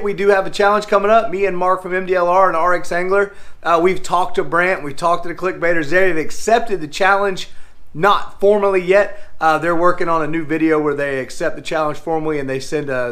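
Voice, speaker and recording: A man's voice: high voice, fairly bright tone. A middle-aged man, hosting a cooking vlog in a home kitchen and talking straight to viewers in a folksy, upbeat way. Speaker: fishing channel host. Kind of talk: casual cooking vlog talk.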